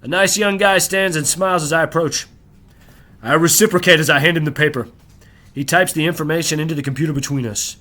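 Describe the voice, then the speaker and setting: A man reading his own novel aloud in the first person, measured and descriptive, slowing on key phrases. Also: fairly high pitch, steady tone, sharp tone.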